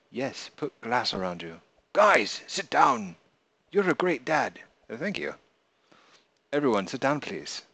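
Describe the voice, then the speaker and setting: A man hosting a relaxed live stream, reading viewers' messages out loud and answering them with playful humor. His voice sits on the low side, and he talks slowly and unhurriedly. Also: vocal fry, no echo. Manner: reads viewer chat aloud and answers playfully, often laughing. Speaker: live streamer and game creator. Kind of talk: casual live stream chat.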